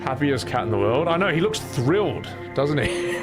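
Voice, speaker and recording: A man's voice: on the high side, sing-song, moderate pace, loud music behind the voice. A young adult man, chatting casually to his stream audience and cooing at his cat. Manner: affectionate baby talk to his cat. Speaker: game streamer.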